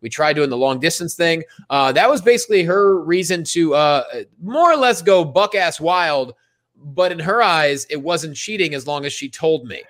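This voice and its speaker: A man's voice: on the high side, expressive, normal speed, a bit bright. A young man from Pennsylvania, a comedian telling a self-mocking story in a casual podcast chat.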